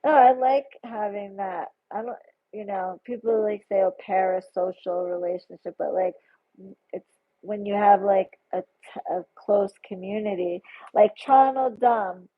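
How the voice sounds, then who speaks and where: A woman's voice: mid-range voice, measured pace. A woman hosting a casual livestream, chatty and effusive as she reads out viewer comments. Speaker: tarot livestream host. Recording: phone-like narrow sound.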